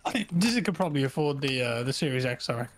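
A man's voice: mid-range voice, lively intonation, very fast, slight background noise. A man making dry remarks while playing a video game with friends. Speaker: gamer co-player. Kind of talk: casual gaming banter.

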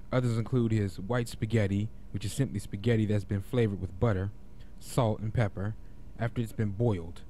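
A man hosting a game playthrough, casually chatting and reading the story text aloud at a steady, relaxed clip. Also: on the low side, a little hiss or hum. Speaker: gaming channel host.

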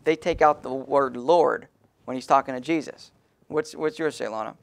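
A man's voice: mid-range voice, normal speed, creaky. A man preaching an emphatic sermon as pastor in a small church, calling on the congregation to read verses aloud.

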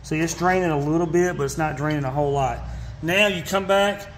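Man with a Georgia drawl, slightly high. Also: brisk, slight background noise. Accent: Southern US (Georgia). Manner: folksy, says "y'all" often, many fillers and restarts. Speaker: fishing channel host. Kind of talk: casual how-to demonstration.

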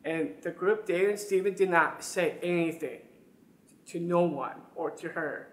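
A man's voice: on the high side, unhurried. A young adult man telling a personal story straight to his listeners, earnest and repeating words as he goes. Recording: roomy sound with faint music.

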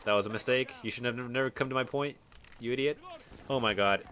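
A young man from Texas giving live commentary on a shooter game, excitable, swearing and yelling at enemies. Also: mid-range voice, brisk. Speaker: gaming streamer.

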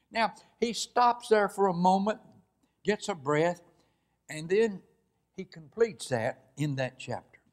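Man preaching slow, high voice, reads verses then explains them, gets quiet to make a point. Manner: drops his voice low and quiet to press a point. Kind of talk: sermon.

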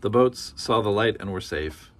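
A man reading a children's picture book aloud in a gentle, rhythmic storytelling manner. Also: on the low side, expressive, normal speed. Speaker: storybook reader.

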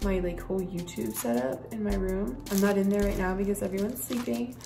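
A woman's voice: mid-range voice, fairly quick, gravelly, noisy background. A tired woman talking casually through a shopping haul vlog at home, chatty and full of \"like\". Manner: chatty, filler-heavy, \"like\" constantly. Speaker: haul vlogger and mother.

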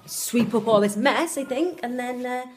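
A woman's voice: fairly high pitch, moderate pace, slight background noise. A woman, chatting casually as a family travel vlogger, rambling and correcting herself as she films on a handheld camera. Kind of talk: casual vlog chat. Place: outdoors at a beach and at home.

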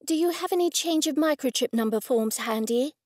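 Patient female vet, calm, steady, audiobook figure read by a woman. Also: high voice, brisk, dry recording, clean studio sound, pitched above the performer's own voice, natural voice.

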